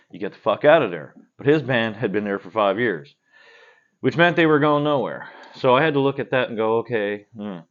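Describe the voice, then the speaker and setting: A man with a fairly low voice talks to camera at home, answering viewer questions while he drinks beer. He speaks bluntly and profanely and tends to ramble. The recording sounds dull and lo-fi. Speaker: cover band guitarist. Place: at home, indoors.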